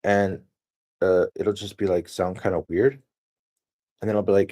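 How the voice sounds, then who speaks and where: A man's voice: low voice, flat delivery, moderate pace, mellow. A man rambling through a casual screen-share walkthrough, thinking aloud with many fillers and restarts. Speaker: solo streamer.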